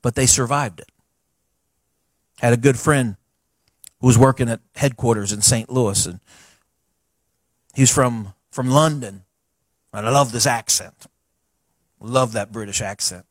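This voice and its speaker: A middle-aged man, a pastor preaching a sermon to his church in a folksy, animated way with chatty asides. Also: medium pitch, a little slow, pauses often, no echo, studio quality. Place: church sanctuary.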